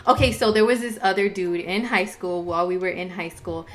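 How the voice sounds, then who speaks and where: A woman vlogger casually telling stories in lively slang, acting out the dialogue while painting her nails. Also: mid-range voice, a little fast, soft background music. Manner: animated, slangy, acts out dialogue. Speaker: astrology vlogger. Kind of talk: casual storytelling chat.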